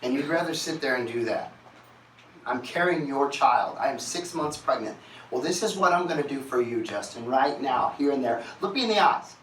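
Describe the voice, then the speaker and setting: A man's voice: mid-range voice, brisk, slight background noise, voice pushed up, natural voice. A man voicing his fed-up wife, scolding and profane, in an echoey room from a distant mic. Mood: furious. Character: fierce fed-up wife, stern and blunt.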